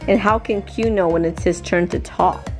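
A woman's voice: fairly low pitch, steady tone, normal speed, darkish tone. A woman vlogging casually as a mom, chatting through a product plug and reading game cards aloud to her child. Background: background music.

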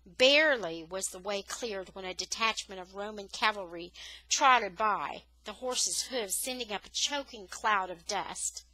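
Bright-voiced woman reading a novel aloud. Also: medium pitch, a little slow, no room sound, rough recording. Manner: expressive storytelling, rising on dramatic words. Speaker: audiobook reader.

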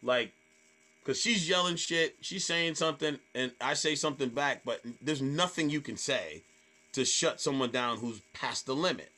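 Animated, lively-voiced comedian telling stories. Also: male voice, medium pitch, normal speed. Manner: animated storyteller, acts out hecklers in loud voices; swears freely. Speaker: stand-up comedian guest. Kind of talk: casual podcast chat.

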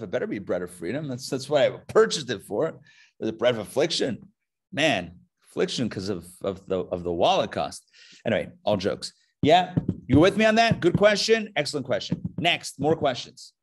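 A male rabbi teaching a live class, joking and drawing questions from the room. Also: mid-range voice. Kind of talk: live interactive lesson. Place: classroom before a live audience.

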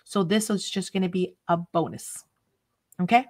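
A woman's voice: on the low side, moderate pace, a little mellow. A woman hosting a casual craft livestream, chatty and a bit scattered, often laughing. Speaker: craft channel host.

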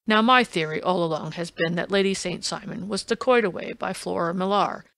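A woman's voice: fairly low pitch, fairly quick, creaky. Woman doing a blustering police inspector. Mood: insistent. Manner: loud, indignant, insistent. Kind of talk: audiobook reading.

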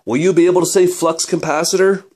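A man's voice: sits high, steady tone, fast talker, darkish tone. A man giving a casual book review, chatty and hesitant, with many fillers and restarts and wry offhand asides.

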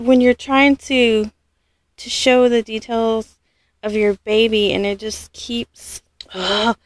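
High-voiced gushing woman vlogger. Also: no echo. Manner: gushing, often drops to a soft near-whisper; rambling, self-correcting. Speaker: reborn doll collector. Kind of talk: casual unboxing vlog.

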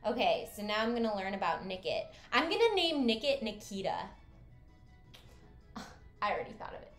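A woman streaming a game with casual commentary, excitable and giggly, breaking into loud squeals. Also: medium pitch, moderate pace, reverberant, soft background music.

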